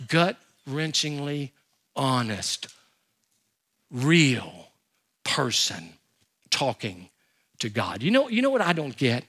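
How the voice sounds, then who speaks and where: An older man preaching a sermon as a pastor, animated and humorous, telling stories and asking rhetorical questions. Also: on the high side, breathy edge.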